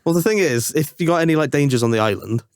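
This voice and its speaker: A man's voice: on the high side, animated, fast, no room sound, clean studio sound. A man, a football fan guest chatting and joking on a podcast. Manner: chatty, joking, laughs easily. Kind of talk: casual chat.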